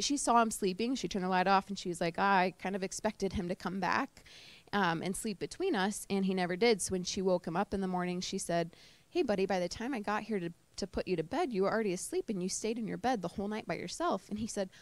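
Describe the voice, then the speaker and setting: A woman's voice: medium pitch, brisk, no echo. A woman who trains service dogs gives an informal talk to a small group, chatty and emotional, with many fillers. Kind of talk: informal presentation to a live group. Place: indoor talk to a small audience.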